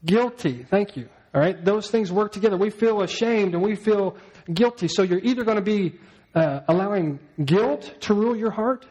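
A man's voice: a little high, darkish tone, rough recording. A male pastor preaching a sermon, telling a story and asking the congregation questions.

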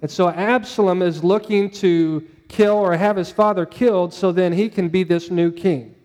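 Male pastor, slightly high mellow voice, chatty preaching style that draws in the congregation. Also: steady tone, normal speed, in a large hall. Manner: conversational, asks the congregation questions. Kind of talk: sermon.

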